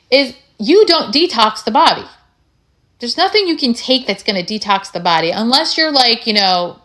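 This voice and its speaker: A woman with an American accent hosting a health podcast, talking in an animated, emphatic way and asking lots of rhetorical questions. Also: medium pitch. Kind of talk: casual solo podcast talk.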